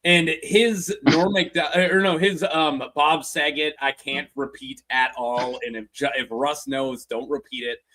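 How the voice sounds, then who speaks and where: A man's voice: a little high, steady tone, a little slow, few pauses, pushed and bright, slight background noise. A man hosting a livestream, chatting casually and laughing while he tells jokes. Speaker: livestream host. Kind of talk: casual chat.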